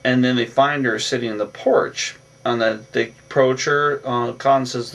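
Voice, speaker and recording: A man's voice: medium pitch, fairly even intonation, normal speed, few pauses, fairly bright tone, recorded from a distance. A man casually recapping a movie plot in a rambling way, with lots of fillers and restarts. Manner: rambling, filler-heavy retelling with repeated "on that". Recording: voice from away from the mic with faint music.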